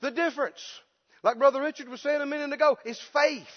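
A man preaching a sermon with passion, dropping into a soft pleading whimper to mimic beggars and rising to bold declarations. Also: very high voice, fairly even intonation, fast talker. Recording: dull sound with long hall reverb.

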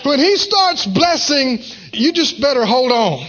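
High-voiced, animated male preacher. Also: a little slow. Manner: animated, folksy, storytelling. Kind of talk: sermon. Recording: dull lo-fi recording.

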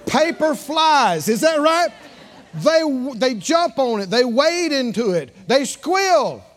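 High-voiced lively preacher man. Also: takes it slowly. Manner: call-and-response preaching, rising to shouts. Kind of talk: sermon.

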